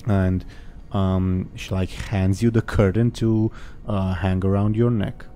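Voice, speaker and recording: A man's voice: low-pitched, level tone, takes it slowly, mellow, slight background noise. A man narrating as game master of a tabletop game, rambling with many fillers.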